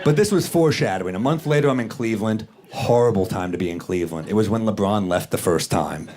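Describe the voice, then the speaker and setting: A man doing stand-up comedy on stage, telling a story with a wry, self-deprecating delivery and quick jumps into acted-out voices. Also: fairly low pitch, a crowd in the background. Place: comedy stage before a live audience. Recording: clear audience noise. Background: audience laughter.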